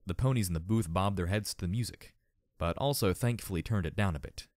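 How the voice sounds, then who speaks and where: A hoarse man narrating a fan audiobook in an expressive, dramatic reading. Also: deep voice, brisk, no room sound, studio quality. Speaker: audiobook reader.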